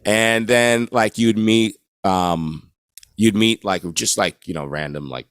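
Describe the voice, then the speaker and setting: This American podcast guest, a guitarist from the United States, keeps things relaxed and casual, cursing freely and often tossing in "you know what I'm saying." He speaks slowly in a lowish, fairly bright, clean voice. The studio sound is clean with no echo.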